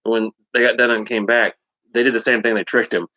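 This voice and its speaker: A man's voice: medium pitch, flat delivery, fast, bright, forceful tone, lo-fi sound. A man co-hosting a live stream, telling stories in a casual, emphatic way. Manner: storytelling, emphatic.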